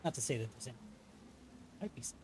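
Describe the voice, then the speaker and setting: A man narrating as game master of a tabletop game, pausing often with ums and uhs. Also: mid-range voice, lively intonation, noisy background. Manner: halting, many ums and uhs.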